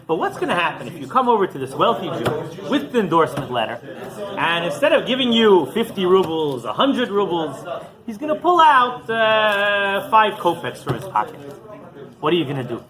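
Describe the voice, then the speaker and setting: A man's voice: high voice, big pitch swings, fairly quick, crowd noise, poor audio. A man, a rabbi, telling a story in a sermon and often questioning his listeners.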